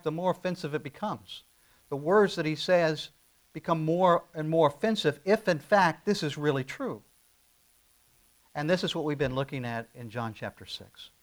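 A middle-aged male pastor preaching a sermon, swinging from loud stressed phrases down to quiet asides. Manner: emphatic, rising to loud stresses then dropping low.

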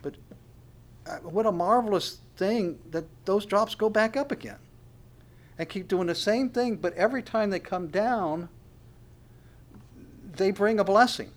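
A man's voice: high-pitched, a little slow, pauses often. A man preaching a conversational sermon in a reflective way, asking his listeners questions as he goes.

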